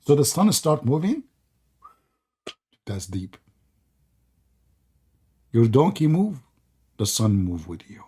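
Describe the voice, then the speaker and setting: A man's voice: medium pitch, very animated, slow pace, long pauses, warm tone, breathy edge. A man hosting a live debate stream, talking in a sarcastic, laughing, sing-song taunting way, nearly losing his voice after hours of talk. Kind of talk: mocking live debate chat.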